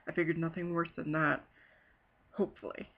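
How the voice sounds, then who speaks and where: A woman from Ohio telling a personal story in a halting, hesitant way, full of fillers and pauses. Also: deep voice, little pitch movement, creaky, phone-quality sound. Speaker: bereaved sister telling her story. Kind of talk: personal testimony.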